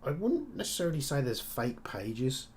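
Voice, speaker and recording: An airsoft tech streamer from Birmingham, England, chats casually on a live stream, explaining as he builds and answers viewer questions in his Birmingham accent. His mid-range voice swoops wildly in pitch, moving at normal speed with a darkish tone.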